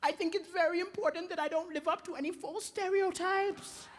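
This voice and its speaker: A man's voice: extremely high pitch, fairly even intonation, fairly quick, slight background noise, voice pushed up. Man putting on a prim earnest backpacker. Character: principled young Danish male backpacker.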